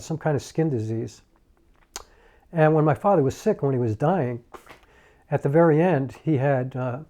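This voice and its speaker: A middle-aged man from New York telling a personal story to camera in a halting, reflective way, with many pauses and fillers. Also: medium pitch, mellow. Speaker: filmmaker and YouTuber.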